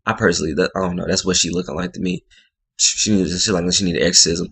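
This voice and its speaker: A man's voice: low-pitched, big pitch swings, quick pace, vocal fry, fairly bright tone, slight background noise. A man casually recapping a reality TV episode, rambling with lots of fillers, restarts and slang.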